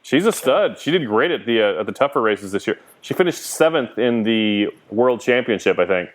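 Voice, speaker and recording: A man's voice: medium pitch, expressive, moderate pace. A man hosting a casual call-in podcast chat, asking lots of curious questions. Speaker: podcast host.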